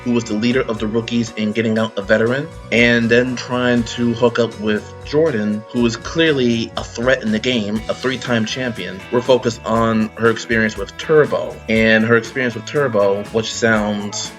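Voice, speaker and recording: A man narrating a scripted commentary in an even, measured way. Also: medium pitch. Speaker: video narrator. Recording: music playing underneath.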